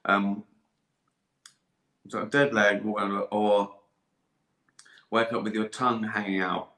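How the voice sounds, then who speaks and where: A man's voice: fairly low pitch, slow, pauses often, bright, forceful tone. An older man, chatting casually on a live stream, rambling, swearing and laughing often. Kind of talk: casual chat. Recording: echoey room.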